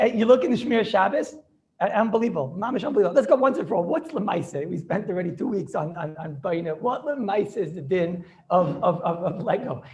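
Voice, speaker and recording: A man's voice: high-pitched, a little mellow. A man, a rabbi, teaching an informal class over a video call, joking and talking back to his students.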